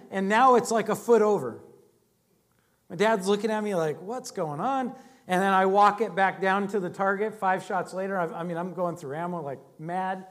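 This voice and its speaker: High-voiced male pastor preaching. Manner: conversational storytelling, dynamic swings in loudness. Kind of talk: sermon.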